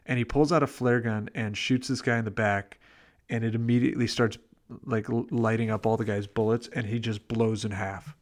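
A man whose voice sits on the low side and stays steady speaks at normal speed while co-hosting a casual movie review chat. He keeps things relaxed, doing playful impressions of lines from the film.

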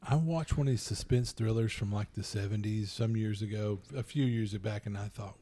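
A man co-hosting a podcast in casual, rambling chat, getting animated when he acts out quotes. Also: medium pitch, a little fast, vocal fry. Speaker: podcast co-host.

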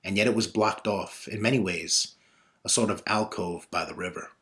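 A man narrating a personal story in a measured, reflective way. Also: deep voice, fairly bright tone.

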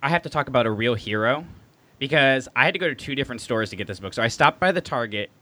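A man co-hosting a podcast, chatting casually and telling stories in a playful, animated way. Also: medium pitch, quick pace, dry recording. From Texas, USA. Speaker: podcast co-host. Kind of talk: casual chat.

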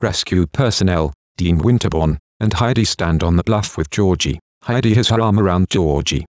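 A man reading a novel aloud in steady, scripted narration. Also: on the low side, no room sound, studio quality. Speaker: audiobook narrator.

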